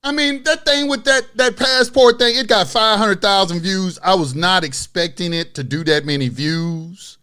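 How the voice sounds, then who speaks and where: A man's voice: high-pitched, moderate pace, hardly any pauses, sharp tone, clean tone. A man talking straight to his camera, telling a story and then ranting bluntly and profanely in street talk about people who follow instructions they don't understand. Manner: storytelling with rising exasperation. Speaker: online video host. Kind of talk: unscripted rant to camera.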